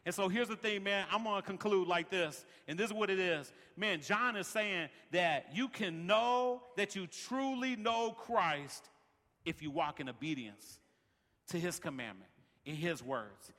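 A man's voice: sits high, expressive, a little slow, pushed and bright, big-room sound. A man preaching a sermon as pastor, peppering his lines with "man" and building rhythmic refrains. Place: large worship center.

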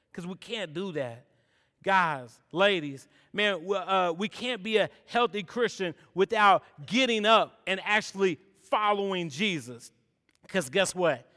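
A young man preaching a sermon, chatty and energetic, tossing in "man" and "all right?" as he tells stories. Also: fairly high pitch. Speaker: pastor. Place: church sanctuary. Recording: long reverb of a church hall.

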